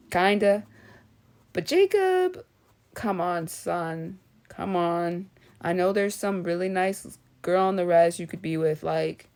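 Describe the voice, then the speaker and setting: A woman hosting a casual opinion vlog, talking in an animated, sassy way and mocking characters in put-on voices. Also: mid-range voice. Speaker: channel host.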